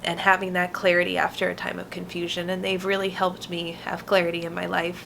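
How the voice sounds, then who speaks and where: A woman's voice: lowish voice, completely flat delivery, a little fast, gravelly, few pauses, fairly bright tone, a little hiss or hum, rough recording. A woman hosting her own vlog, talking in a casual, earnest and heartfelt way as she explains a tarot card and the art she is making for it. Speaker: vlogger and tarot artist.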